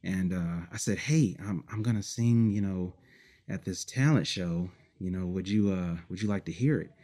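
A low-voiced man from Detroit, United States, tells his story as a musician guest in a casual interview. His pace is moderate and his tone dark. He's reflective and rambling, using many fillers and laughing between stories.

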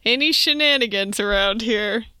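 A young woman co-hosting a casual comedy podcast, delivering dry, deadpan jokes. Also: a little high, normal speed, clear, resonant tone, dry recording. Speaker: podcast co-host.

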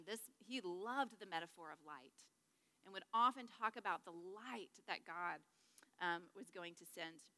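A woman's voice: medium pitch, pushed and bright, clean tone, in a large hall. A woman teaching a Bible study lesson to a group in a chatty, joking way, checking in with her listeners. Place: large room with a group.

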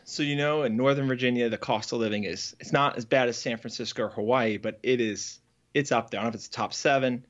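A man, a former farrier, candidly telling his story as an interview guest, earnest and halting with frequent restarts. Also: medium pitch. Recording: slightly dull lo-fi audio.

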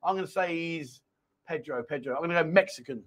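High-voiced man, teasing banter. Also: fairly bright tone. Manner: jokey, teasing, quick laughs. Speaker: chat show host. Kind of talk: casual banter reading viewer comments. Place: Pattaya, Thailand.

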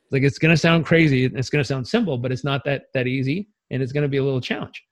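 A man coaching as a podcast guest, telling stories in an energetic, emphatic and casually profane way. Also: medium pitch, fast talker. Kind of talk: podcast interview storytelling.

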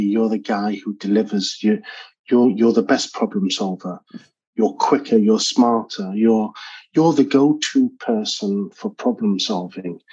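A man's voice: mid-range voice, mellow, slightly rough, muffled recording. A man talking as a podcast guest, earnest, often repeating words as he thinks aloud. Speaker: guest, engineering manager. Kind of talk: podcast interview.

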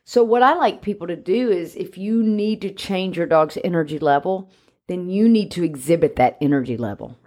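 A woman who trains dogs, talking casually on a podcast and explaining her ideas through steady, talkative examples. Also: on the low side, moderate pace. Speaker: dog trainer.

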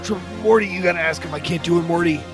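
A man's voice: on the high side, fast talker, lightly acted. A man voicing a cranky aging mad scientist who talks in brusque, rambling, self-pitying bursts over background music.

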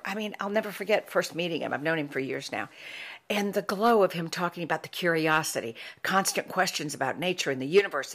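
A middle-aged woman giving an inspirational talk, telling heartfelt stories in an emphatic, warm storytelling manner. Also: lowish voice. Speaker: motivational speaker.

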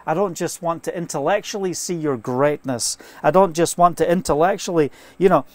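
A man with a somewhat high, darkish voice speaks at a moderate pace in a dry space without echo. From inside a trailer, he preaches an informal sermon, earnest and fervent, telling stories and quoting scripture.

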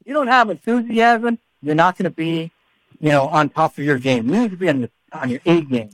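A playful male podcast host with a fairly high voice, trading jokes and stumbling over repeated words. The sound is close and dry, with no room echo around him. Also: lively intonation, brisk. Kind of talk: casual banter.

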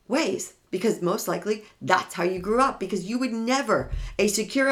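A woman giving an emphatic explanatory talk, animated and full of rhetorical questions. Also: fairly low pitch.

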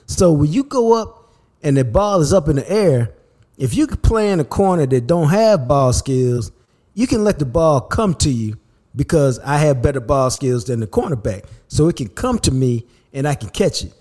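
A man hosting a sports podcast, telling stories in an animated, slangy, casual way. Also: on the high side, normal speed.

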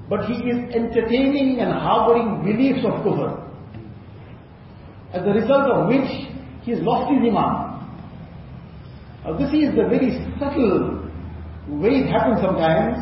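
A man's voice: extremely high pitch, expressive, moderate pace, long pauses, a little hiss or hum. A man with a South African accent preaching a sermon, telling cautionary stories in an earnest manner and mixing in Arabic religious phrases. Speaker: Islamic preacher. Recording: echoey hall, distant mic, dull lo-fi.

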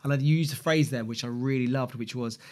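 Male podcast host, enthusiastic, chatty, mid pitch. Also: a little fast, a little mellow. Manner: enthusiastic, chatty, laughs easily. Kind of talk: casual podcast interview.

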